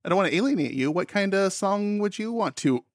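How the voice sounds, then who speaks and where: A man's voice: sits high, lively intonation, a little fast, no echo, studio quality. A man co-hosting a casual comedic chat, playful and full of silly wordplay and sing-song riffs. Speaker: podcast co-host.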